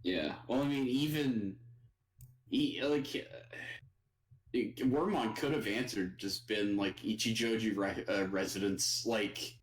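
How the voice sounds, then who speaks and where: A man's voice: fairly low pitch, slow. A man co-hosting a casual anime podcast, laid-back and hesitant, with many "uh"s and restarts. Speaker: podcast co-host.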